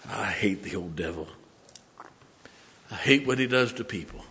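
Older male pastor, fiery sermon, lowish voice, loud-to-hushed swings. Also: lively intonation, measured pace.

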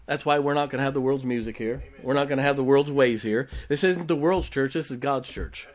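A man's voice: mid-range voice, brisk. Emphatic preaching man. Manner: emphatic preaching with rhetorical questions and joking asides; checks in with the congregation. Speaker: pastor. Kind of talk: sermon.

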